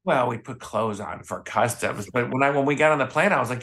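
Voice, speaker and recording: A man's voice: mid-range voice, a little fast. A man from the American Midwest, an author guest telling wild anecdotes in a casual interview, acting out the people he quotes. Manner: animated anecdotes with acted-out quotes.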